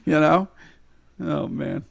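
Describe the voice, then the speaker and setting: A man's voice: a little high, sing-song, vocal fry, no room sound. A man co-hosting a podcast, chatting about a movie with frequent chuckles. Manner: chuckling, quick agreeing interjections. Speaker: podcast co-host. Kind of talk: casual movie chat.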